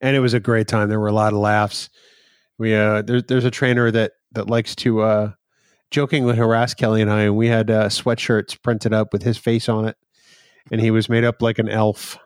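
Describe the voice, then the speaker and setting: A man's voice: fairly low pitch, level tone, normal speed, smooth, dry recording, clean studio sound. A man co-hosting a podcast in casual chat, teasing his partner and laughing often. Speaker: podcast co-host.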